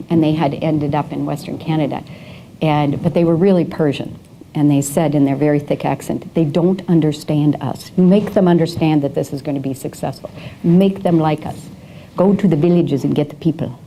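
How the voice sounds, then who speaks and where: A woman's voice: low-pitched, warm tone, slight background noise, low-quality recording. A middle-aged woman giving a leadership talk at a breakfast event, telling her career story with fillers and restarts and laughing at her own anecdotes. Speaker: guest speaker. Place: event room.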